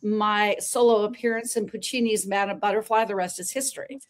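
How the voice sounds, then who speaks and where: A woman's voice: medium pitch, steady tone, brisk. An older woman telling her story as a guest in a casual conversation, emphatic and dramatic, with many restarts. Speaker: guest, health practitioner.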